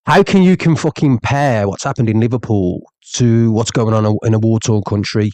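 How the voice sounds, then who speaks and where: A man's voice: lowish voice, normal speed, darkish tone, no room sound. A man hosting a livestream, ranting heatedly and saying "mate" over and over. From England. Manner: heated, repeats "mate" often. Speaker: livestream host.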